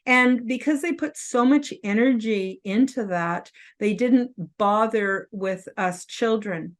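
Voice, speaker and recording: A woman in her fifties hosting her own show, telling a personal story to camera in an earnest, openly emotional way, tearful and halting with restarts. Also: a little high. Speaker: host.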